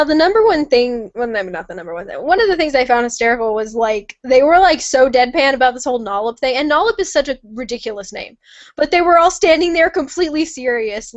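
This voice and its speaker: A young woman from Nashville hosting a casual book club discussion over a video call, joking and talking fast. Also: a little high, no room sound. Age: young adult. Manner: giggly, quick, jokey. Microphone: computer mic on a video call. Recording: dry, muffled video-call audio.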